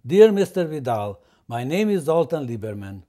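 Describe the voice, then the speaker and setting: A man for whom English is a seventh language, reading out a formal open letter in stilted, deliberate wording. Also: mid-range voice, sing-song, mellow. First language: not English; English is his seventh language. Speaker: language teacher presenting his method.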